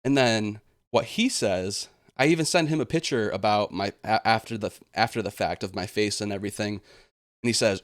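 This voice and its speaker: A man's voice: medium pitch, moderate pace, no room sound, clean studio sound. A young man venting in a vlog monologue, aggrieved and indignant, slipping into sarcastic mocking quotes. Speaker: gaming channel host.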